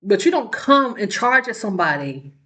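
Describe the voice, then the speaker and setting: A woman's voice: medium pitch, big pitch swings, moderate pace, bright, forceful tone. A woman talks through her own vlog in an easy, conversational way, as if speaking to a friend. She keeps asking rhetorical questions and leans on "like" and "you know" between thoughts. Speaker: vlog host. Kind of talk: casual commentary chat.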